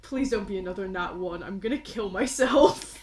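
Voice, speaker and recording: A woman playing a tabletop game, giggly and animated. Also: mid-range voice, normal speed, roomy sound, very noisy. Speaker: player. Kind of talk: casual tabletop play.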